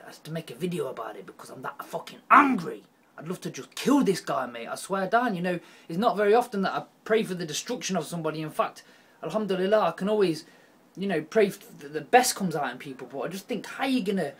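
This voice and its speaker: A young man ranting in a video, blunt and profane, swinging from low muttering to loud outbursts. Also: slight background noise. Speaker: vlogger. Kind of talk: heated video rant.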